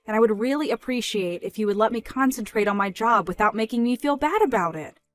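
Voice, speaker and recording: A young woman voicing an independent daughter who speaks in a measured, firm way in a scripted story dub. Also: on the high side, dry recording, soft background music, natural voice.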